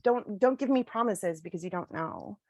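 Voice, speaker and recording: A woman's voice: medium pitch, animated, normal speed, darkish tone, no room sound. Angry Canadian woman frontline worker. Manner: angry, blunt, lots of "like" and "you know". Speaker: frontline social services worker. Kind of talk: impassioned townhall speech.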